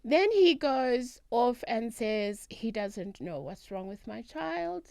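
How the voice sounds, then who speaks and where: A South African woman tells her story as an interview guest, her voice sitting fairly high. She leans hard on words for emphasis. The sound is dry and close, as if from a studio microphone. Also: slow, vocal fry, no echo. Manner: animated, emphatic retelling. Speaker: guest, traditional healer. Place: radio studio.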